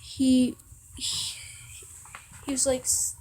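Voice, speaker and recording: A young woman reading a second-person fan story aloud in a halting way, with fillers and restarts. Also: high voice, monotone, a little mellow, a little hiss or hum.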